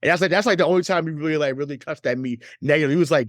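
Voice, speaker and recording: A man hosts a sports podcast, chatting loosely and profanely, laughing often and repeating words once he gets rolling. His voice is fairly high and very fast with few pauses. The recording is studio quality with no echo.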